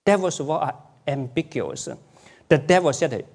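Slow, deliberate male preacher. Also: medium pitch, a little mellow. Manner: deliberate, repeats key phrases for emphasis. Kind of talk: sermon.

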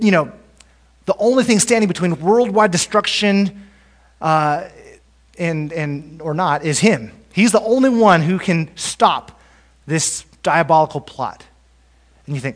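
A man preaching a sermon, his voice sitting a touch high for a man. He swings from energetic, emphatic passages to quiet, hushed lines when he wants a point to land. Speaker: pastor.

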